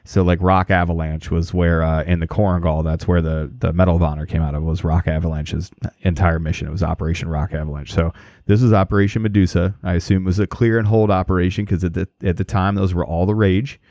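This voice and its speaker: A man with a very low voice hosts a podcast and sets up a guest's story. He talks in a chatty, joking way. The recording is dry and close. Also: fairly even intonation, fast, a little mellow, no room sound, highs cut off. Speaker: podcast host. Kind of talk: casual podcast interview.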